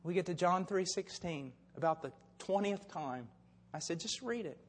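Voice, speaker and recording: A man's voice: sits high, normal speed. Fervent older man preaching in a hall. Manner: fervent, impassioned storytelling. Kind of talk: sermon. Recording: long hall reverb.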